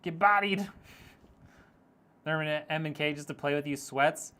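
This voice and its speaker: A man's voice: on the high side, monotone, fast talker, fairly bright tone, smooth. A man streaming a PC build, chatting casually and teasing viewers as he reads their messages, with frequent laughs. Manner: joking, teasing, laughs often.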